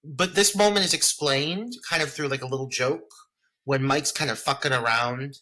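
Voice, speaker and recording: A man co-hosting a podcast, chatting about a horror film in excitable, profane banter. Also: medium pitch, normal speed, low-quality recording. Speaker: podcast co-host. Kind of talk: casual film discussion.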